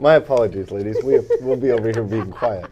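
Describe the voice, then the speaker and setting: A man's voice: fairly low pitch, lo-fi sound, heavy background noise. Man cracking jokes at the table. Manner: joking, quick quips. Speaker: player.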